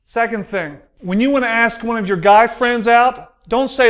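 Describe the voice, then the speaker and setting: American man, stand-up comedian, storytelling, acts out dialogue, high-pitched. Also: moderate pace, hardly any pauses, fairly bright tone. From United States.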